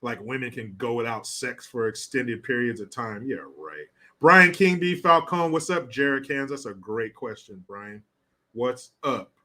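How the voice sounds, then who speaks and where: A man's voice: mid-range voice, expressive, unhurried, sharp tone. A man ranting in a crude, sarcastic commentary vlog, often laughing at his own jokes. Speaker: online commentator.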